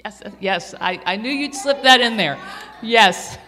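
A woman giving a children's sermon, chatty and animated, asking the kids questions as she tells a story. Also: on the high side, unhurried. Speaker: children's church teacher. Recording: long reverb of a hall.

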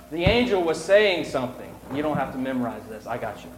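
A man's voice: on the high side, fairly quick, hardly any pauses, a little hiss or hum. Playful man with big echoing hall reverb. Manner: playful, animated, swings between loud cries and hushed whispers. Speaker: children's pageant director. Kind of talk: reading a storybook aloud to children. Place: large church sanctuary. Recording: echoey hall reverb, faint room ambience.

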